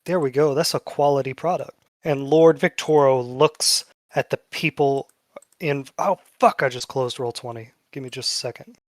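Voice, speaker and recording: A man narrating a tabletop game as game master, casual and swearing freely, slowing down for dramatic moments. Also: medium pitch.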